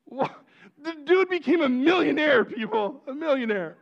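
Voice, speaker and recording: A middle-aged man, a pastor, preaching a sermon full of personal stories, told with animated energy and bursts of loud exclamation. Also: very high voice, moderate pace, muffled recording.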